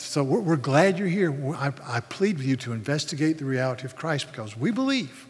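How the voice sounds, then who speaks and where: A man preaching in a lively, animated manner, often stumbling over and repeating words. His voice sits a little high with a husky edge. The sermon rings out with a long reverb from a large hall. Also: fairly quick, hardly any pauses. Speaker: pastor.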